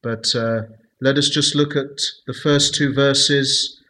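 A man leading a Bible study, speaking slowly and deliberately with many hesitant fillers. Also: mid-range voice, steady tone, pushed and bright, low-quality recording.

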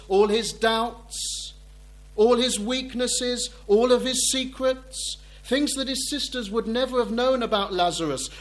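A man delivers a sermon at an unhurried, measured pace. His voice sits high for a man. He reads scripture in old-fashioned wording and drives points home through repetition. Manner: slow, deliberate preaching with emphatic repetition. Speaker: preacher.

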